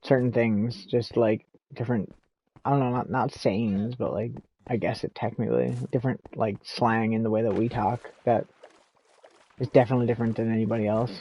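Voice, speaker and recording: A man's voice: medium pitch, steady tone, fairly quick, husky, highs cut off. A man with a Canadian accent, chatting in a rambling, casual way while streaming a game and laughing often. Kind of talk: casual chat while gaming.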